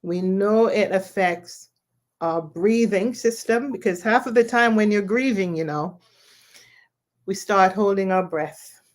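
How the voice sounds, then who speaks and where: Woman guest, slow and deliberate, explains patiently and checks in often. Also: medium pitch. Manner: measured, explanatory, checks in with "okay?". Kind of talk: explanatory conversation.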